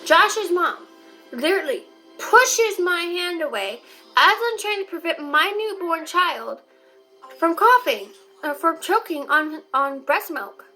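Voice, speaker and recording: A woman's voice: very high voice, takes it slowly, soft background music, low-quality recording. A young woman vlogger telling a personal story, talking straight to her viewers in a chatty way. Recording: clear steady background noise.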